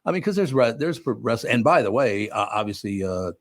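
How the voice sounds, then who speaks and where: A man's voice: mid-range voice, very animated, brisk, dry recording, studio quality. An older man from Minnesota hosting a radio talk show, chatting and telling rambling stories with many restarts. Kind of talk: casual interview chat.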